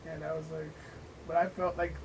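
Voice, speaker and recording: A man hosting a podcast, talking in a relaxed, slangy way in casual chat. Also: on the high side, a little fast, gravelly. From Canada. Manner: relaxed, slangy, fills gaps with "you know". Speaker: podcast host. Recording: distant mic with background noise.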